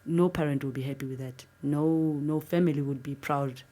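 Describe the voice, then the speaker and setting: Low-pitched South African woman, interviewee, animated earnest storyteller. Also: fairly quick, slight background noise. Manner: earnest, animated retelling, voice jumping up for disbelief. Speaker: interviewee, former football captain.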